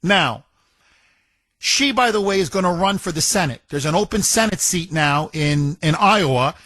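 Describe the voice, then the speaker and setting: A man's voice: high-pitched, expressive, moderate pace, bright, forceful tone, no room sound. A man hosting a talk radio show, delivering an indignant, mocking monologue and mimicking the people he talks about.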